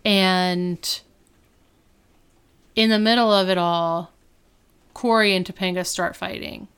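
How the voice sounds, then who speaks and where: A woman's voice: lowish voice, slow, clean tone. A young woman co-hosting a podcast, chatting casually as she recaps a TV episode and acts out the characters' lines. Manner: animated storytelling, acting out characters' lines. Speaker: podcast co-host.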